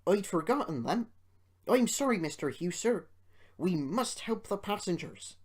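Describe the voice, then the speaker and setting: A man's voice: high voice, lively intonation, unhurried, darkish tone, husky, pitched above the performer's own voice, heavily acted. A man voicing a polite but stubborn little old male diesel engine in a storybook reading. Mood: apologetic. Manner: cross yet polite.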